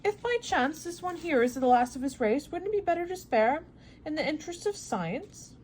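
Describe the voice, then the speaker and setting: A woman reading a storybook aloud, voicing an excitable, learned male servant who lists facts precisely and rises high when excited. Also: brisk, slight background noise.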